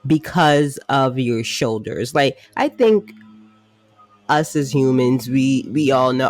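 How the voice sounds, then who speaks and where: Slow, chatty woman podcast host. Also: deep voice, very animated, darkish tone, dry recording. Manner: chatty, wry, says "like" often. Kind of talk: casual drama recap commentary.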